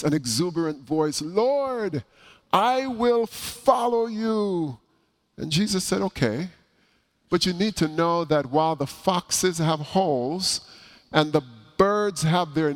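A middle-aged man preaching a sermon to his congregation, slow and deliberate, rising for emphasis. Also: on the high side. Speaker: pastor.

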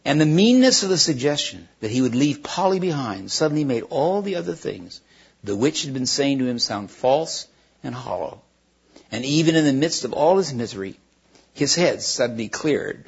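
Male storybook reader, husky tone, homey read-aloud with slips, dull lo-fi recording. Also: mid-range voice, very animated, normal speed. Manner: storytelling with small stumbles and restarts. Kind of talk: reading a children's book aloud.

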